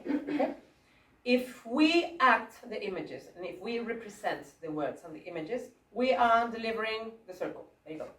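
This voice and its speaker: A woman drama teacher leading a workshop, coaxing her group along with questions in an animated teaching manner. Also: fairly high pitch, moderate pace. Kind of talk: interactive teaching. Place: school hall. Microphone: room mic at a distance. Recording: echoey hall from far off.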